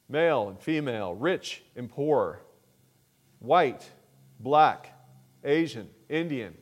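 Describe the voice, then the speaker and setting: A male pastor delivering a sermon at an unhurried, measured pace. His voice swells in pitch and loudness when he stresses scripture and key words, then falls back to a calmer teaching tone. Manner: emphatic preaching with swells in pitch and volume on key phrases; deliberate, measured delivery with fillers.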